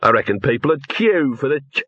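A man's voice: mid-range voice, lively intonation, unhurried, no room sound, dull audio. A man voicing a grumbling, cynical old mongrel dog. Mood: mocking. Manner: grumbling, sardonic, rough-spoken.

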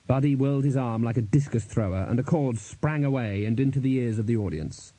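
A man reads an audiobook in a dry, measured way, his voice very dark and mellow with a husky edge. The recording is close and dead, with no room sound at all. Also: medium pitch, no room sound, low-quality recording. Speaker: narrator. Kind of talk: audiobook narration.

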